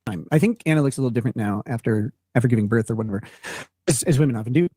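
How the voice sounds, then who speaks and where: A man from Minnesota rambling through a casual story, halting often with fillers. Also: medium pitch, warm tone, slightly rough, dry recording, studio quality. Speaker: streamer telling an anecdote.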